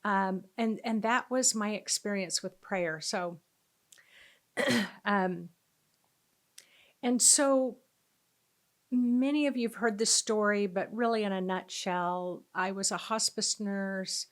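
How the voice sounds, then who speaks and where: Woman, middle-aged, spiritual teacher, earnest, conversational, personal storytelling, medium pitch. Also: slow pace, long pauses. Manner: earnest, conversational, many fillers.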